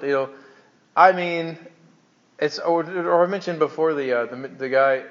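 Male pastor, slightly high, chatty and joking from the pulpit, dull lo-fi church recording. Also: measured pace. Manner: chatty, joking, stumbling restarts. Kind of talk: conversational sermon.

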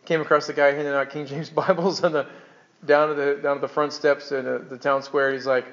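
A man's voice: fairly high pitch, flat delivery, a little fast, fairly bright tone, dull audio. A man preaching a conversational sermon to his church, joking and restarting his sentences as he goes. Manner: chatty, joking, stumbling restarts. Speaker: pastor.

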